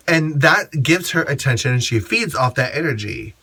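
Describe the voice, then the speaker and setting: A man who works as a drag performer and MC, giving blunt, sassy advice and acting out gushing fans in shrill voices. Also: lively intonation, moderate pace, few pauses, pushed and bright, breathy edge. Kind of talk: casual advice monologue.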